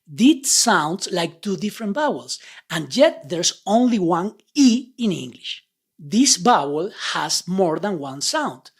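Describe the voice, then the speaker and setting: A woman whose first language is Spanish leads a slow, patient language lesson. Her breathy voice swoops widely in pitch as she stretches out each vowel for the listener to say back. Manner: drawn-out modeling of vowel sounds for repetition. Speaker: Spanish teacher.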